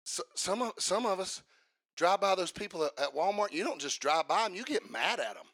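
A man preaching a sermon, fervent, building up to shouting and sing-song chanting. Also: high voice, sing-song, fairly quick, no echo.

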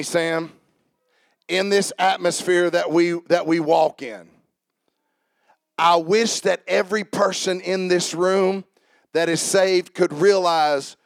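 A high-voiced man preaches in a church, talking quickly and rising into loud, shouted peaks. His voice is close and dry, with little room sound. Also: dry recording. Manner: fast, building to shouted climaxes. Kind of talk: sermon. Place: church sanctuary.

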